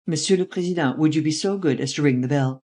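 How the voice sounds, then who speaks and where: Reader doing a calm sharp detective chief, formal, precise, unhurried, middle pitch. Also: close to an everyday voice. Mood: cool.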